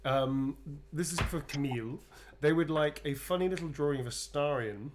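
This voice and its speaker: A man's voice: fairly high pitch, normal speed. A tired man chatting casually on a livestream, rambling and playful, calling viewers darlings as he draws. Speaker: actor drawing requested sketches for viewers.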